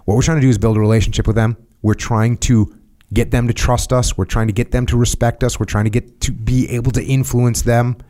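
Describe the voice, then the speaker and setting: A man's voice: mid-range voice, steady tone, fairly quick, dark tone. Emphatic middle-aged man giving advice. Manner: emphatic, repetitive, drilling points home. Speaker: podcast host. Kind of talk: casual advice talk.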